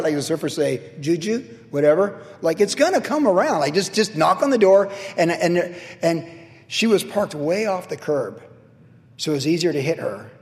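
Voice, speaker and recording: Middle-aged male pastor, lively storytelling sermon, slightly high voice, echoing hall. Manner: animated storytelling, acts out quoted voices, laughs at himself.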